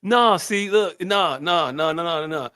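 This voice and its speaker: A man's voice: fairly high pitch, a little slow, bright, forceful tone, clean tone. A man co-hosting a podcast in casual chat, arguing his point with many restarts. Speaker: podcast co-host.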